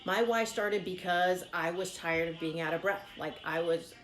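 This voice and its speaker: A woman's voice: fairly low pitch, moderate pace, reverberant. A woman giving casual, encouraging fitness advice as a vlogger, chatty and full of fillers.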